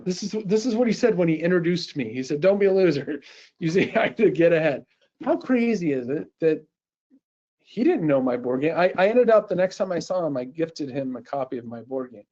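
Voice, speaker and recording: A middle-aged man giving a live sales pitch and software demo, talking in an energetic, conversational way with quick restarts. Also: highs cut off. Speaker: sales presenter.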